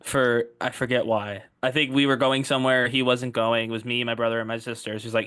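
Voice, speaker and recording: Guy cohosting a podcast, rambly storyteller, bright voice. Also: mid-range voice, flat delivery, fairly quick, clear, resonant tone. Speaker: podcast co-host. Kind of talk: casual chat.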